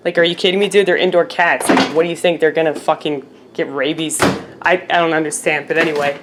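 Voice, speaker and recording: A woman's voice: sits low, steady tone, a little fast, background noise. A woman vlogger talking casually to her viewers, rambling and swearing, with lots of fillers. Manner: rambling, profane, filler-heavy. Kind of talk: casual rambling monologue to camera.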